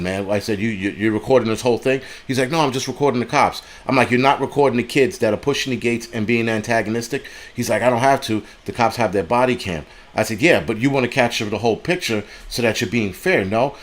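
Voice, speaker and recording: A man talks straight to his live stream viewers. He tells a story in a heated, profane rush and acts out both sides of an argument. His voice sits at an ordinary middle pitch for a man. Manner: profane, heated retelling with quoted dialogue.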